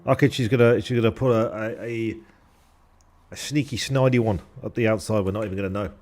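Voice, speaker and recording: A man's voice: lowish voice, steady tone, brisk, darkish tone, a little hiss or hum. A young man commentating a sim race on a live stream, chatty and jokey, with casual swearing and thanks to subscribers.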